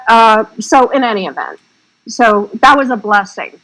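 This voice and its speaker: A woman's voice: fairly high pitch, normal speed, fairly bright tone, rough recording. A woman guest on an interview podcast, chatting casually and rambling through her stories. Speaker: guest filmmaker.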